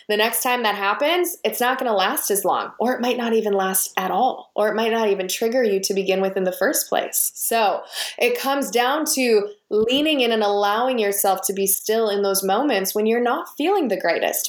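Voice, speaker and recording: A woman speaking as a podcast guest, earnest and reflective, talking in long flowing runs. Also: medium pitch. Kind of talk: conversational interview. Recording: roomy, echoey sound.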